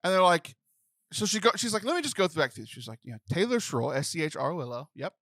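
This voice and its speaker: A man in his thirties hosting a podcast, telling a comic story with animated, laughing delivery and exasperated outbursts. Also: fairly high pitch, fast, no echo, studio quality. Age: 30s. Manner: animated, laughing, acts out phone voices in exasperated bursts. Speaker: podcast host. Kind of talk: comedic storytelling chat.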